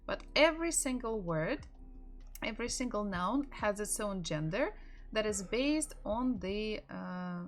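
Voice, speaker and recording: A woman whose first language is Russian teaching a live language lesson, slowly repeating words for learners to echo, laughing lightly between explanations. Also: mid-range voice, expressive, soft background music.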